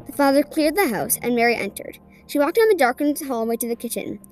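A woman hosting a podcast, reading a ghost story aloud in an earnest, deliberate way. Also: high voice, lively intonation, soft background music. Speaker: podcast host.

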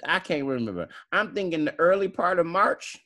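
A man's voice: on the high side, expressive, moderate pace, pushed and bright. A man co-hosting a casual podcast, telling stories in a laid-back, chatty way and reacting playfully. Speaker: podcast co-host.

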